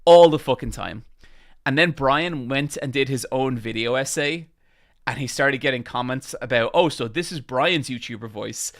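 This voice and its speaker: On a live stream, a man with an Irish accent speaks into a mic at normal speed, his mid-range voice a bit bright. He projects and rambles with lots of fillers in casual chat, and the studio sound is clean with no echo.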